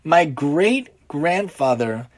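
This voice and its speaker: A soft-spoken, gentle man in his seventies, put on by a man telling a story. He talks calmly and kindly in a fairly high voice. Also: drawn-out words, exaggerated voice. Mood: calm warm. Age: 70s. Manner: calm, soft, friendly coaxing.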